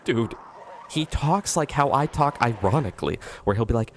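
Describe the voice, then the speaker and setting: A man livestreaming a video game, ranting to his chat in a lively, mocking way. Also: mid-range voice, unhurried, a little hiss or hum. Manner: ranting, animated, mocking impressions. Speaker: streamer. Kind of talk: live gameplay stream chat. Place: loud room.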